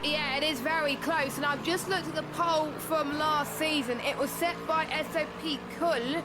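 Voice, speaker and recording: A woman's voice: high-pitched, steady tone, normal speed, music in the background. A woman co-commentating on an online sim racing league, chatty and a bit hesitant.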